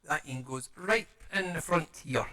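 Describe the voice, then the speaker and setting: Slow-talking playful man. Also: a little high, sharp tone. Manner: playful, mutters to himself, makes silly sound effects. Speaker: paper model builder. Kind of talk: chatty build commentary.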